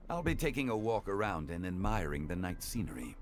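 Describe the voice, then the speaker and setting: A man voicing a calm, wise ancient god in human form, speaking in a measured, formal way in a game. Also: low voice. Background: game music.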